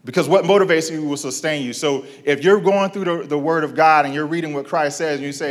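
A man's voice: a little high, fairly even intonation, fairly quick. A man in his thirties preaching a sermon, talking casually to the congregation, asking questions and repeating key lines. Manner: conversational preaching with rhetorical questions and repetition; call-and-response with congregation. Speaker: pastor.

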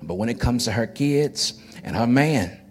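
Speaking at a measured pace with an expressive, medium-pitched voice, this pastor delivers a sermon in the church sanctuary. He is folksy and joking with his congregation and tends to repeat his words.

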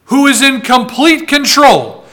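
High, bright-voiced preaching man. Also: very animated. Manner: emphatic preaching with repeated words and long pauses; reads scripture aloud in old-fashioned wording. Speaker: pastor. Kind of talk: sermon.

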